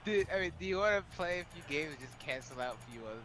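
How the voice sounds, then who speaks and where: A man making brief, low-key remarks as a teammate during a game. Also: animated, rapid-fire, fairly bright tone. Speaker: teammate on voice chat.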